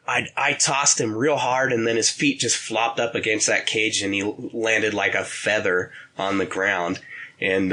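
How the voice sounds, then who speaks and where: A young man, a podcast guest who used to fight, telling stories in a halting, rambling way with frequent laughs. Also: mid-range voice, bright, forceful tone. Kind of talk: casual chat.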